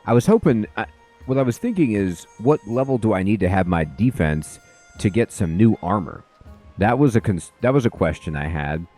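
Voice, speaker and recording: A man with a low voice talks through his game session in a loose, chatty way. He thanks viewers in quick, bright bursts. Faint music plays under his voice. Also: very animated. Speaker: gaming host. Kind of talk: casual let's play commentary.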